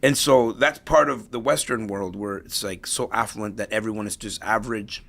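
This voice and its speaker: A man's voice: on the low side, steady tone, normal speed, gravelly, fairly bright tone. A middle-aged man, a podcast guest, telling stories in a reflective, motivational way, restarting phrases and tagging them with "right?". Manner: storytelling, repeats himself, tags lines with "right?". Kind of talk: conversational podcast interview.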